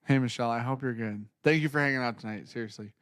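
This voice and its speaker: A man's voice: mid-range voice, quick pace, a bit bright, clean tone, no room sound, studio quality. A man co-hosting a podcast in casual chat, talking emphatically with a lot of swearing and arguing his points. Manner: profane, emphatic, argumentative. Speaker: podcast co-host.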